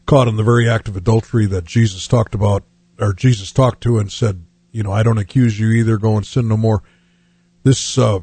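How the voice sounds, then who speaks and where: An older male host talks in a gentle, halting way, full of small pauses and fillers. His voice is husky and mellow, and the recording is dry and close. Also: lowish voice, no room sound. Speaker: program host. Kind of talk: reflective radio talk.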